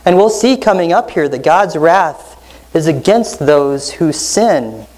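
A male pastor delivering a sermon at a measured, slow pace. He speaks earnestly and leans hard on key phrases, drawing them out for emphasis. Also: on the high side, expressive, darkish tone, rough recording. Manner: earnest, emphatic preaching with deliberate slow stresses.

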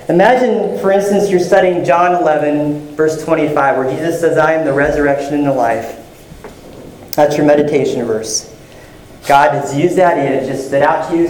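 A man's voice: fairly high pitch, mellow, roomy sound, a little hiss or hum, poor audio. A male pastor giving a sermon in a conversational, encouraging way, often repeating phrases.

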